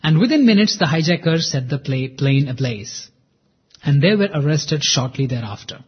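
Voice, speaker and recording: A man's voice: on the high side, sing-song, moderate pace, husky. A man narrating a devotional story in an earnest, dramatic way, reading quotes in the first person. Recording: muffled lo-fi recording.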